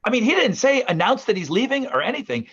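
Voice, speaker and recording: A middle-aged man co-hosting a podcast from a home basement, a former radio interviewer talking in a halting, self-deprecating way. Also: very high-pitched, animated, creaky, a bit bright, breathy edge, dull audio. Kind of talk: casual chat.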